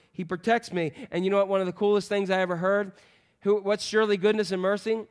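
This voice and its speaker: A middle-aged man preaching a sermon as pastor, animated, swinging from loud calls to hushed, soft passages. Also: high voice, fast talker, few pauses, smooth.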